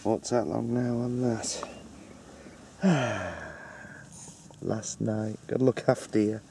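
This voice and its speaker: A man's voice: on the low side, takes it slowly, creaky, dark tone, a little hiss or hum. A man chatting playfully to camera while cooking at a campsite, in a casual vlog. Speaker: vlogger. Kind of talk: casual camping vlog chat. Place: outdoors at a campsite.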